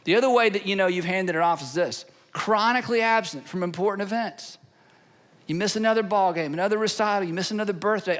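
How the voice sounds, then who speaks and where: A man with a notably high voice preaches a sermon from the pulpit. He builds his points through repeated phrases that grow in insistence. His tone stays earnest and pleading throughout. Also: animated, brisk, a bit bright. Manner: repetitive, building cadence. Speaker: pastor.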